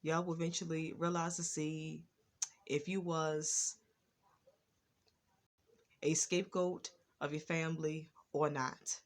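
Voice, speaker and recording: A woman's voice: low voice, little pitch movement, slow pace, pauses often. A woman vlogger talking to her viewers, stuttering at times and repeating words and phrases in an earnest, preachy way. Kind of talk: personal talk to camera.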